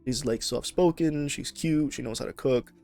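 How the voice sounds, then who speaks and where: A man's voice: mid-range voice, moderate pace, gravelly, a little mellow, soft background music. A man hosting a casual chat, swearing freely and acting out quotes as he retells scenes. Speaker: podcast host.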